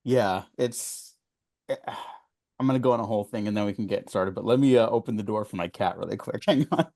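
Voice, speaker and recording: A man's voice: fairly low pitch, fairly quick, darkish tone. A man co-hosting a movie podcast, venting heatedly and swearing freely in casual talk. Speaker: podcast co-host. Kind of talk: casual ranting chat.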